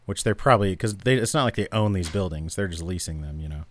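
A man's voice: low voice, animated, fast talker. A man from New Mexico co-hosting a casual chat, rambling through stories with lots of fillers. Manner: rambling, filler-heavy storytelling. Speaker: podcast co-host.

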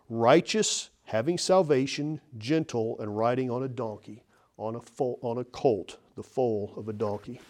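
A man preaching a sermon, earnest, building to urgent emphasis and clearing his throat now and then. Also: mid-range voice, moderate pace, a little mellow.

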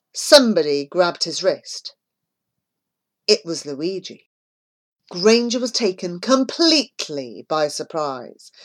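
A woman reading a children's story aloud in a measured, expressive way. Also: on the low side. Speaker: narrator.

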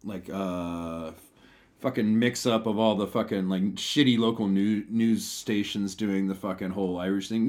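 A man's voice: fairly low pitch, fairly even intonation, normal speed, darkish tone. A man co-hosting a podcast, laid-back over drinks, often repeating words as he restarts. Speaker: podcast co-host. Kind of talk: casual drinking chat. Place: Japan.

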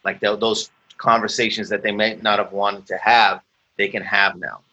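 A Canadian man, an actor, talking casually in an interview and acting out quoted exchanges with lively laughs. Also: lowish voice, moderate pace, breathy edge, highs cut off. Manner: animated storyteller, acts out quoted exchanges, laughs often. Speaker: actor guest.

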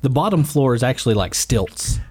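A man's voice: mid-range voice, very animated, fairly quick, darkish tone, breathy edge. A male podcast co-host in casual chat, reacting with short exclamations.

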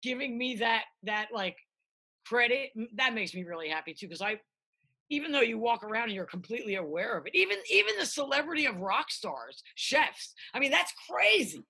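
A middle-aged woman chef on a video call, telling profane, animated kitchen stories and shouting out quoted lines. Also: fairly high pitch, a little fast, husky. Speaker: chef, interview guest. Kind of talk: casual interview chat.

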